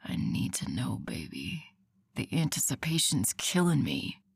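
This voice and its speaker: A woman voicing a male werewolf lover, speaking low, husky and intimate. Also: sing-song, measured pace, no echo, in a whisper, studio quality, full character voice.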